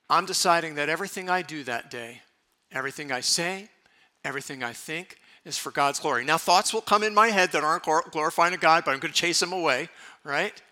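Bright-voiced pastor preaching a sermon. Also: male voice, fairly high pitch. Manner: conversational, shifts from playful to hushed and earnest. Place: church sanctuary.

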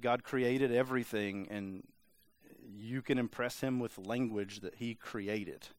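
The recording is dry, and the preacher's voice is medium in pitch. He keeps his sermon casual and chatty, leaning heavily on "like" and doing humorous impressions of other voices.

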